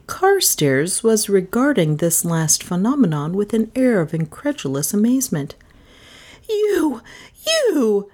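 A woman narrating a novel in an expressive, animated storybook reading. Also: medium pitch, moderate pace, few pauses. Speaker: audiobook narrator.

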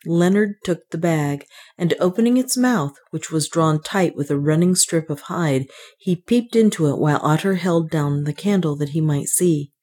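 A woman with a low voice narrates an adventure novel as an audiobook. She tells the story in a measured, steady manner. Her delivery stays even from line to line. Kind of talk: scripted narration.

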